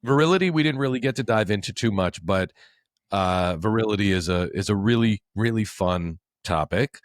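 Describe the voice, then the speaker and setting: A man's voice: deep voice, dry recording, studio quality. A man in his forties, a men's coach, talking in a podcast conversation with an emphatic coaching delivery.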